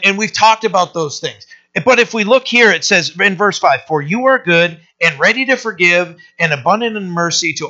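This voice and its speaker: High bright-voiced pastor, lo-fi recording. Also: male voice. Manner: conversational, rambling, frequent "right?" asides and restarts. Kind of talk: informal Bible-study sermon. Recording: dull lo-fi recording.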